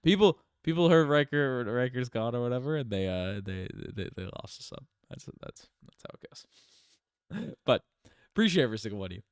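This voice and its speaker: A man's voice: medium pitch, lively intonation, normal speed, clean tone, no echo, studio quality. A young man from Newfoundland with a light Newfoundland accent, hosting a rambling, chatty live stream with many restarts and laughs. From Newfoundland, Canada. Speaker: channel host. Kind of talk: casual live stream chat.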